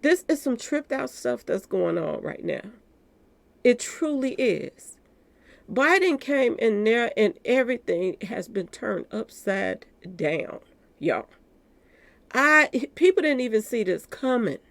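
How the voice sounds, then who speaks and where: Gravelly woman chatting to viewers. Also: on the high side, big pitch swings, takes it slowly, no room sound. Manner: talks straight to viewers, repeating "y'all". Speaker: commentary channel host. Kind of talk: casual commentary to viewers.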